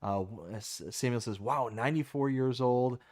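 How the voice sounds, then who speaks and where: A man hosts a live stream of casual chat, reading viewer comments out loud and laughing easily in an easygoing manner. His voice is mid-range and a little mellow, at normal speed.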